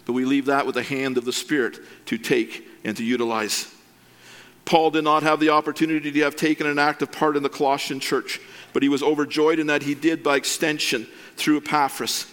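Earnest male preacher, measured delivery. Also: a little high, level tone, fairly bright tone. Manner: earnest, measured preaching with occasional self-deprecating asides. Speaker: pastor. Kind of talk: sermon.

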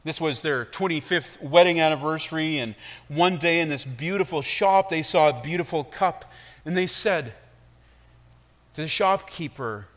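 A man's voice: a little high, a bit bright. A man preaching a sermon, telling a story and then reflecting on it for his listeners. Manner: slow, storytelling delivery with reflective asides.

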